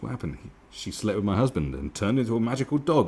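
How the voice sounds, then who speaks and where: A man's voice: on the low side, very animated, a little fast, hardly any pauses, darkish tone, breathy edge. A man giving a profane, mocking commentary rant as host of his own channel. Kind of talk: ranting commentary.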